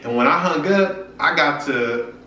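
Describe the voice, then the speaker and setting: A man's voice: on the high side, lively intonation, unhurried, sharp tone, distant mic, a little hiss or hum. A young man telling a personal story to his viewers in a frank, profane, casual way. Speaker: vlogger. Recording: echoey room, voice from off-mic.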